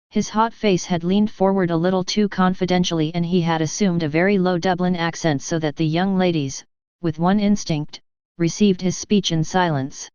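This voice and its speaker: A woman reads an audiobook in a measured, steady narration. Her voice is low, with very crisp articulation. The recording is dry and a little muffled. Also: no echo. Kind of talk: scripted narration.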